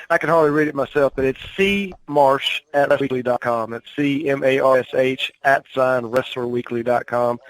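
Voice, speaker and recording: A man on a phone call who handles bookings, carefully spelling out email addresses and web links. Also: medium pitch. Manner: careful, spells out contact details. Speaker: booking contact for the guest.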